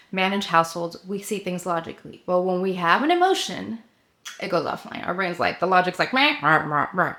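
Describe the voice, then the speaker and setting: A woman's voice: fairly low pitch, fairly bright tone. A woman in her thirties giving a casual motivational talk to camera, chatty and full of fillers, acting out her own inner voice. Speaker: vlogger, coach for ambitious women.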